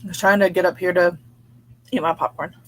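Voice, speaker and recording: A woman hosting a relaxed livestream, chatting with viewers, laughing often and reading their comments aloud. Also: fairly low pitch, a little fast, slight background noise. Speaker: livestream host reading chat. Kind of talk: casual live chat.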